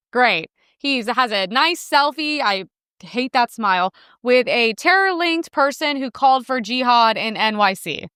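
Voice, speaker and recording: A woman's voice: sits high, sharp tone, clean tone, no room sound, clean studio sound. A woman hosting a political commentary show, reacting to news clips in a brash, sarcastic, profane way.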